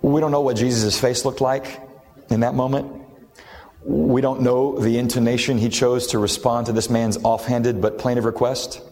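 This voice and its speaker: A man's voice: mid-range voice, flat delivery, moderate pace, darkish tone. A man preaching a sermon as a pastor, earnest and building to impassioned emphasis. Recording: long hall reverb.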